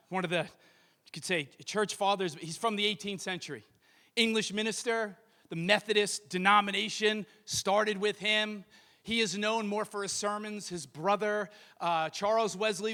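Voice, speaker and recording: A man preaching a sermon as pastor of a church, emphatic and building to shouted peaks. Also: high voice. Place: church sanctuary.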